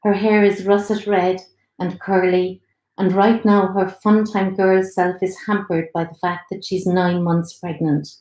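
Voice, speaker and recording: During a live online event, a woman author reads her own short story aloud in a friendly, steady narrating voice that's mellow and soft. Her mid-range voice keeps a measured pace, and the indoor room adds a roomy echo.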